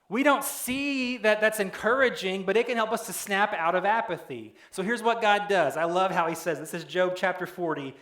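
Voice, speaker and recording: A man's voice: high voice, fairly bright tone, roomy sound. A man preaching a sermon in a casual, conversational way, with joking asides and quoted voices that he acts out. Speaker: pastor.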